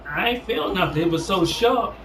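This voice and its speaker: A man's voice: sits high, lively intonation, moderate pace. A man co-hosting a casual chat, laid-back as he tells his own childhood story. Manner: laid-back, backs the other speaker with frequent "right, right". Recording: echoey room with noticeable background hiss.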